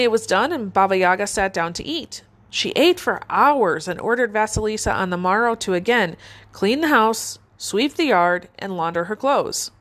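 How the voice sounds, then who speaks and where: A woman narrating a fairy tale in a measured, expressive way. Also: mid-range voice. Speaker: storyteller.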